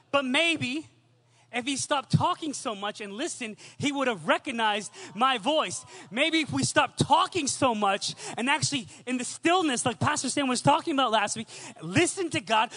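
A man's voice: very high voice, sharp tone. A young man preaching a sermon, telling stories and building points through emphatic repetition.

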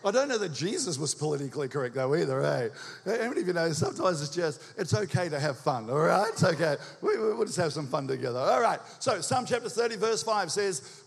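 An Australian man preaching a sermon in a church, fast and energetic, stirring up the congregation with call-and-response questions. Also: a little high, creaky, slightly rough, in a large hall. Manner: talks quickly. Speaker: visiting preacher.

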